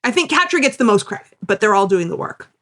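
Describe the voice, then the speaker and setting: A woman's voice: mid-range voice, very animated, fast talker, fairly bright tone. A woman co-hosting a podcast, recapping an episode in casual chat and acting out the characters' lines with enthusiasm. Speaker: podcast co-host.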